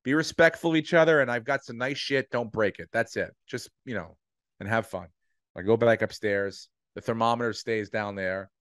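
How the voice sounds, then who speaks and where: A middle-aged man spins a lively anecdote on a podcast, swearing casually and slipping into the voices of the people in his story. His voice sits at an ordinary pitch, and the recording is close and dry with no room sound. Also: moderate pace, dry recording. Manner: animated, swears freely, acts out voices in anecdotes. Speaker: podcast co-host.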